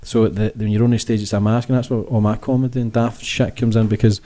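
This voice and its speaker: A man's voice: fairly low pitch, little pitch movement, quick pace, mellow. A Scottish man hosting a podcast, talking in an earnest, sweary way and saying mate a lot. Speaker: podcast host. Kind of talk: casual podcast chat.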